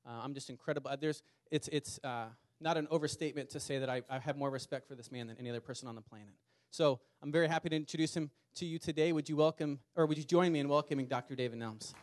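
A man preaching a sermon to a small church congregation, earnest, repeating words and slowing down to stress key lines. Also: a little high, no room sound, clean studio sound. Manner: earnest, repeats words, speeds up and slows for emphasis. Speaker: pastor. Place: small church meeting in a community center.

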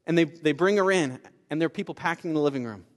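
A man preaching a sermon, telling a story in an animated way with frequent repetitions. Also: on the high side, fast talker. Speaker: pastor. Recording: reverberant hall.

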